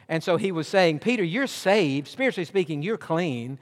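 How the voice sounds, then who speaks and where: A man preaching in a church, his fairly high voice carrying through a long hall reverb. He tells folksy stories and slips in easy humor as an associate pastor. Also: lively intonation, moderate pace. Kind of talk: sermon. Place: church sanctuary.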